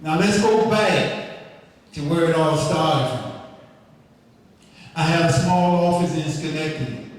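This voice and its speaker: A man in his sixties, a business owner, speaking casually to an event crowd in a slow, folksy, joking way. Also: a little high. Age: 60s. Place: large event hall. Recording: echoey hall, mic from far off.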